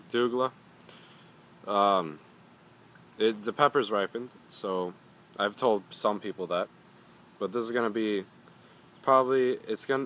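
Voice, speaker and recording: A man's voice: fairly low pitch, pushed and bright, slight background noise. A young man reviewing a hot pepper in a casual vlog, rambling and swearing often as he grumbles.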